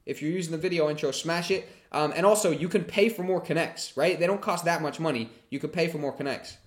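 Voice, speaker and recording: A man runs a relaxed livestream, reading viewers' questions aloud and answering them in an easy, chatty way. He swears freely as he talks. His voice sits slightly higher than most men's. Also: fast talker. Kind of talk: casual livestream Q&A.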